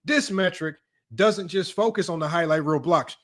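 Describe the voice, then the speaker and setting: A young man hosts a live sports analysis stream, reading stats aloud and addressing viewers as y'all in a blunt, sarcastic way. His voice sits high, and he talks at normal speed.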